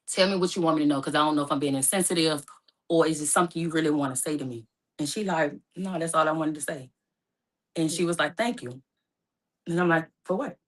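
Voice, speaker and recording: A young woman, appearing as a guest, tells an emotional personal story and acts out both sides of her phone calls. Her voice is low with a fairly bright tone.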